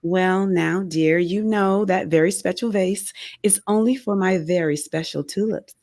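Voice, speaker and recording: A woman voicing an elderly grandmother who is gentle but firm, while reading a memoir aloud. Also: lowish voice, unhurried, no room sound, clean studio sound.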